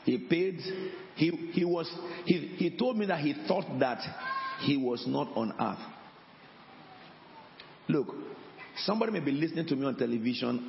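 Man, preacher, sermon storytelling, gravelly, long hall reverb. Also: medium pitch, a little hiss or hum. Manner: storytelling preacher, acts out dialogue, repeats words. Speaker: apostle, preacher. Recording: dull, echoey hall with faint ambience.

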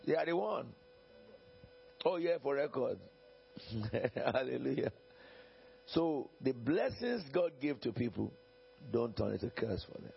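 Faint music plays behind a man preaching as pastor in a sermon with Bible reading. His mid-range voice is sing-song, a little slow and full of vocal fry, and he pauses often while emphatically repeating himself, chuckling, and checking in with the congregation. The recording is dull and lo-fi.

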